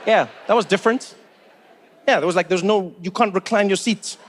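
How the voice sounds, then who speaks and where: A man doing stand-up comedy, telling stories in an animated, incredulous way. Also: high-pitched, a little fast, a little hiss or hum.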